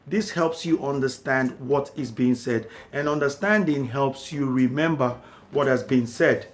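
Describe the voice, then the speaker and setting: A man's voice: mid-range voice, measured pace. A man tutoring for a language exam, explaining steadily and repeating key words for emphasis. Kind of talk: instructional talk to camera.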